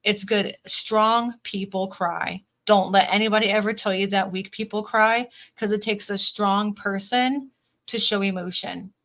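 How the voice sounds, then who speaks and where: Bright-voiced woman reading tarot live. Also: mid-range voice, steady tone, measured pace. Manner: warm, emotional, repeats phrases, reads viewer comments aloud. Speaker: tarot reader.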